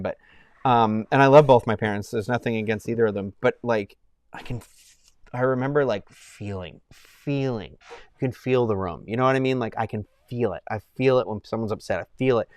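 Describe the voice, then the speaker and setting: A man's voice: mid-range voice, no echo. A young man chatting casually to viewers on a live stream, rambling and heartfelt, with many fillers and restarts.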